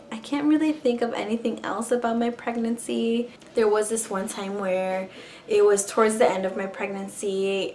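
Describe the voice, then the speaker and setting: A woman's voice: mid-range voice, a little mellow. A young woman vlogger casually telling a personal story to camera, chatty and full of fillers. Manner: chatty, many likes and ums, restarts.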